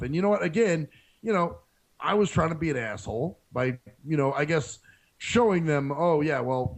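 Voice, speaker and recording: A man's voice: medium pitch, low-quality recording. A man hosting his own radio show, ranting frankly in a casual solo monologue and swearing freely.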